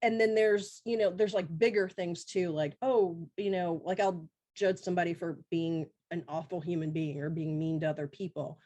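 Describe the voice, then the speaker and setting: Reflective woman, slightly low voice. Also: fairly even intonation, moderate pace, few pauses, mellow. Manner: reflective, with many fillers. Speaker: podcast co-host. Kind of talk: candid personal conversation.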